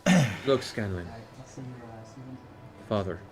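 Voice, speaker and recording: A man's voice: fairly low pitch, sing-song, slow, over loud music. A man voicing a bitter, sardonic young woman bard in a tabletop role-play, talking dry and cutting.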